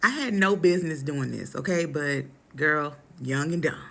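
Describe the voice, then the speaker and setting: Young woman, low pitch, gravelly, casual storytime chat, animated and dramatic. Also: normal speed. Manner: animated, dramatic retelling with slang. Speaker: vlogger telling a story.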